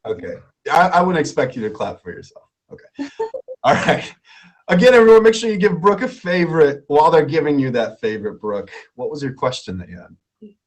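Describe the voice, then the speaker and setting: A man's voice: on the high side, sing-song, brisk. A man hosting a live stream quiz in a playful way, laughing often and repeating himself.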